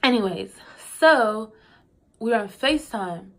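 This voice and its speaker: A young woman telling a casual storytime, chatty and expressive with slangy asides and frequent laughs. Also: fairly high pitch, measured pace. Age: young adult. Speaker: vlogger.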